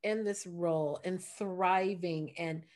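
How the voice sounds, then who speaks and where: A woman's voice: on the low side, steady tone, slow, a little mellow. A woman from the United States, hosting an interview in a casual, chatty way and praising her guest. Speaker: interview host. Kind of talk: interview conversation.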